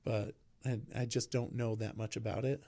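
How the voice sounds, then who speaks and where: Mellow-voiced man chatting local politics. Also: medium pitch, flat delivery, slight background noise. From Vermont. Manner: halting, restarts, frequent fillers. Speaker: local podcast co-host, city councilor. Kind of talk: casual local politics chat.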